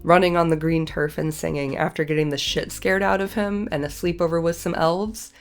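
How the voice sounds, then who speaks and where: A young woman who reads passages from a novel and then gushes about them in slangy, laughing asides. Her voice sits a bit low and sounds congested from a cold. Faint music plays under her. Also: steady tone, fairly quick. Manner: playful, laughing, slangy and enthusiastic. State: has a cold. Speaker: video essay host. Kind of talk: reading a novel aloud with casual commentary.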